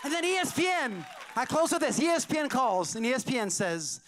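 A man preaching a sermon through a personal story, animated and building to shouted high points. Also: fast talker, hardly any pauses, some chatter behind. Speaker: pastor.

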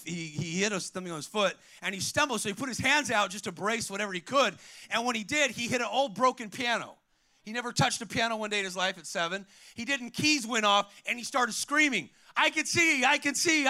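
A middle-aged pastor preaching an energetic sermon, calling out to the congregation and telling stories. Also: male voice, high voice. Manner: preaching with call-outs to the congregation, storytelling.

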